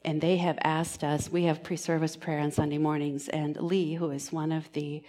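Woman preacher in a church, earnest, goes quiet and hushed then emphatic again. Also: deep voice, little pitch movement, normal speed. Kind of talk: sermon.

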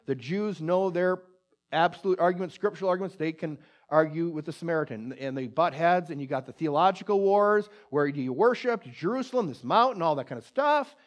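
Conversational preacher man telling a story. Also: on the high side. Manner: conversational, many restarts, drops to a hushed voice for quoted prayer. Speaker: pastor. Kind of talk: sermon with personal story.

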